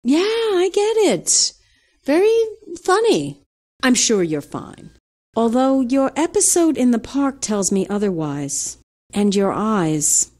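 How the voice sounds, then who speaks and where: Warm older neighbor lady; soft, mellow, lively pitch. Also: slow pace, full character voice. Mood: gently teasing. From New York. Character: older woman, kindly and motherly neighbor.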